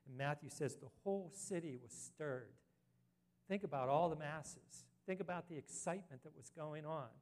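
A man's voice: a little high, normal speed, darkish tone. A man preaching an earnest sermon as a pastor, rising to emphatic scripture reading.

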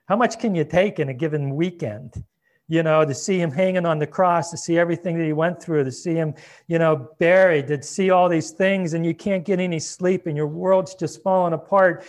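A pastor preaches a sermon conversationally in a voice that sits high, reading scripture aloud. At tender moments he drops to a soft, hushed voice.

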